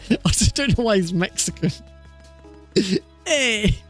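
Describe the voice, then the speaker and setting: A man's voice: high-pitched, animated, moderate pace, soft background music. Laughing, swearing gamer man on stream. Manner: laughs often, swears, banters with chat. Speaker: speedrunner streamer. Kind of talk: casual live-stream chat.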